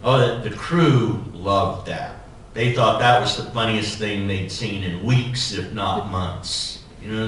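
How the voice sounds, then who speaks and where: A man delivers a keynote, spinning a lively, funny story about his early working days. His voice booms back from a large, echoing hall. He sounds set well back from the microphone, with a faint rumble underneath. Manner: animated humorous storytelling. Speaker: society president giving a keynote. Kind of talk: keynote speech with personal anecdote. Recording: echoey hall, voice from far off.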